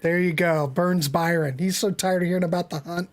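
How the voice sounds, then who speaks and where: A man's voice: sits high, fairly even intonation, a little fast. Man hosting a casual panel show.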